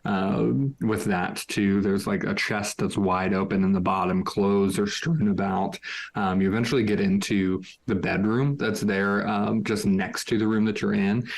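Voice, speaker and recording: A man's voice: on the low side, fairly even intonation, measured pace, creaky. A man narrating a tabletop game as game master, loose and full of fillers.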